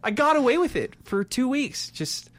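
A man from Colorado co-hosting a podcast, telling self-deprecating stories in a casual, animated way. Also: extremely high pitch, moderate pace. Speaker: podcast co-host.

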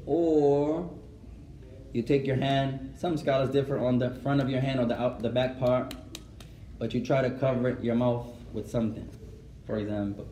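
A man teaching a mosque lesson and answering questions, mixing Arabic phrases into his English, in a gently instructive way. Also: mid-range voice, steady tone, moderate pace, a little hiss or hum. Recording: roomy echo, voice from far off.

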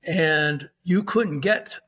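A man's voice: on the high side, drawn-out words, fairly bright tone, breathy edge. An older man, a former undercover officer, tells a story in a plainspoken way and acts out the dialogue. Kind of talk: storytelling interview.

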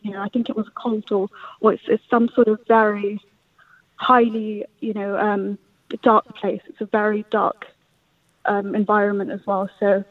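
A man's voice: high voice, little pitch movement, normal speed, no room sound. Man, rambling storyteller, dry tinny phone-line sound. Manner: rambling, many fillers and restarts. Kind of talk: casual storytelling.

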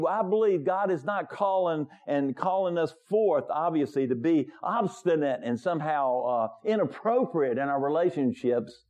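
A middle-aged male pastor preaching in a conversational way, telling an everyday story and then rising higher and louder on his main points. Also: lively intonation, measured pace. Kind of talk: sermon.

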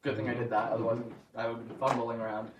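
A man's voice: medium pitch, rapid-fire, distant mic, lo-fi sound, slight background noise. A young man telling a story in casual chat, laughing often and acting out quoted lines. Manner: excited, laughing storyteller who acts out quotes. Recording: roomy, from off-mic.

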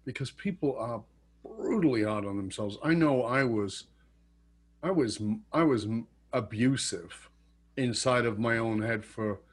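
A man's voice: medium pitch, lively intonation, measured pace, breathy edge. A man hosting a podcast, asking a guest questions in an earnest, candid way. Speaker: podcast host. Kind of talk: reflective interview talk.

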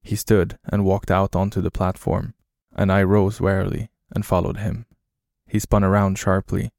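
A man narrating a horror story in a flat, grim, low-key way. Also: moderate pace, creaky, no room sound, studio quality.

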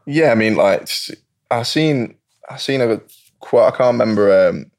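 A man's voice: mid-range voice, expressive, moderate pace, a little mellow. A young man chatting casually as a podcast guest, telling stories and laughing often. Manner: laid-back storytelling, laughs often. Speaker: guest footballer. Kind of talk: casual chat.

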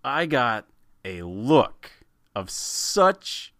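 A man co-hosting a podcast in casual chat, animated and laughing, often repeating words as he starts a sentence. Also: medium pitch, very slow, no echo, studio quality. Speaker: podcast co-host.

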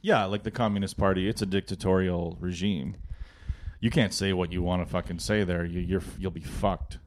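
A man's voice: sits low, fairly even intonation, moderate pace, a little hiss or hum. A man co-hosting a podcast, rambling casually with lots of filler words and swearing. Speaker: podcast co-host. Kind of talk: casual comedic chat.

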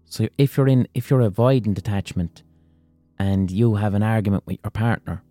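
Mellow-voiced man, frank casual talk. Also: fairly low pitch, normal speed, no room sound, soft background music. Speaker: podcast host. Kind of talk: casual psychology talk with storytelling.

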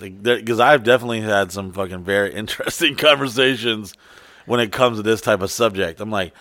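A man in casual podcast chat, telling rambling stories packed with swearing. He keeps jumping into loud, high-pitched voices to act out the people in them. The sound is dry and close. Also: brisk, no room sound. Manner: animated storyteller, acts out quoted people in loud high voices; frequent swearing. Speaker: podcast co-host.

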